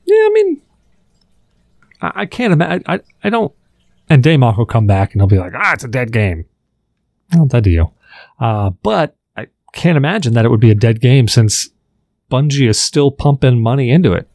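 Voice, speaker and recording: A man's voice: mid-range voice, big pitch swings, normal speed, warm tone, no room sound. Rambling man on a dry mic. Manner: rambling, restarts words. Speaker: podcast co-host. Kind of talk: casual chat.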